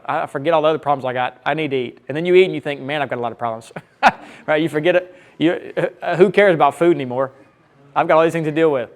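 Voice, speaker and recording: A man preaching a sermon as pastor, teaching earnestly, reading scripture and repeating key phrases for emphasis. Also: fairly high pitch.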